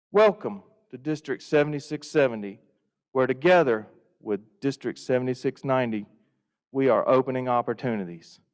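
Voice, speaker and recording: A man's voice: medium pitch, smooth. A man giving a folksy storytelling welcome speech to a conference audience. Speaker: Rotary district leader. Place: conference hall. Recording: reverberant hall.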